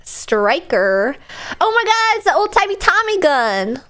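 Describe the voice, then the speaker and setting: A young woman streamer chatting over gameplay, bubbly and giggly. Her high voice bounces all over the place as she talks. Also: very animated, normal speed, a bit bright. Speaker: VTuber streamer. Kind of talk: casual gameplay commentary.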